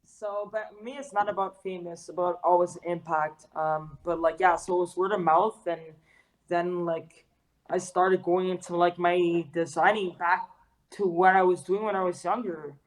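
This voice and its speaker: A woman's voice: on the low side, steady tone, normal speed, rough recording. Slangy young woman chatting casually. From Canada. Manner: loose slangy talk with frequent fillers and swearing. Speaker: guest, fitness trainer and artist. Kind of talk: casual interview chat.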